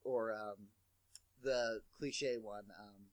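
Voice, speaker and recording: A man's voice: fairly low pitch, fairly even intonation, extremely slow, no room sound. Man in casual, profane chat.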